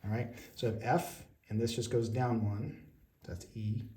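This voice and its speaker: A man's voice: medium pitch, fairly even intonation, a little slow, mellow. A man teaching an online music lesson, patiently explaining each step and checking in often.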